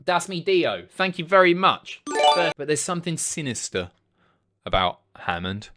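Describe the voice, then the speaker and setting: A man in his thirties hosting a casual livestream, reading chat messages aloud, sweary and rambling, jumping between loud outbursts and mumbles. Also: fairly high pitch, very animated, measured pace, music in the background.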